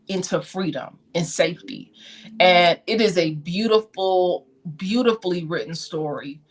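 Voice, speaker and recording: A woman hosting a casual livestream, talking about books she read in a chatty, animated way. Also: on the low side. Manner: chatty, animated, laughs often. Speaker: host.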